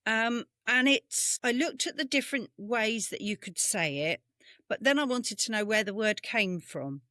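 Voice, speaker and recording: An English woman with a British accent hosts a relaxed storytelling chat, drifting and correcting herself as she goes. Her pitch roams freely while her pace stays slow and easy. The sound is dry and close, as from a webcam on a video call. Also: no echo. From England. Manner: meandering, self-correcting, unhurried. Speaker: podcast co-host. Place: home room on a video call. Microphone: webcam mic.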